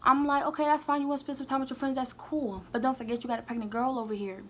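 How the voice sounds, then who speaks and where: A woman's voice: high-pitched, fairly even intonation, fast talker, slight background noise. A young woman telling a candid, heated storytime straight to her viewers. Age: young adult. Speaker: vlogger. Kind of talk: storytime vlog.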